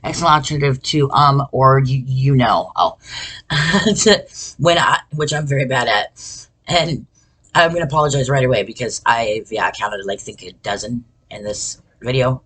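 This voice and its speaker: A woman's voice: extremely low pitch, normal speed, fairly bright tone, breathy edge. A woman giving an informal talk on speech delivery, chatty and self-deprecating, with many fillers and self-corrections.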